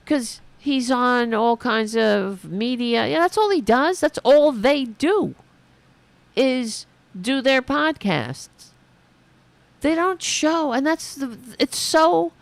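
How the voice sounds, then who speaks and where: A woman's voice: medium pitch, vocal fry, no room sound. A woman hosting a political talk show, ranting with indignation and many restarts. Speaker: podcast host. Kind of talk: political commentary.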